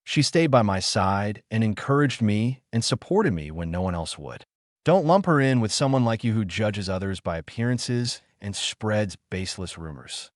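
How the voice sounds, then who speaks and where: Man doing a young prince, indignant, firm, low voice, lively delivery. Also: moderate pace, dry recording, studio quality, lightly acted. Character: young prince, formerly mocked, now fiercely protective.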